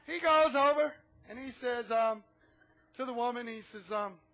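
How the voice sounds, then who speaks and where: A pastor man preaches with a strikingly high, bright voice edged with gravelly fry. He moves between animated shouting and joking asides. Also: normal speed. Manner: humorous asides. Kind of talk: sermon.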